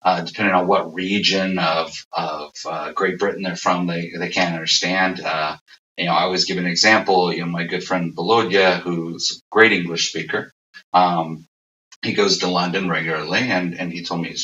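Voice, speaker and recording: A deep-voiced American man gives loose, rambling interview answers full of fillers and restarts. His tone is bright and forceful. He sits back from the mic in a roomy space, and the audio sounds dull. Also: steady tone, normal speed, recorded from a distance. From USA. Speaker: interview guest.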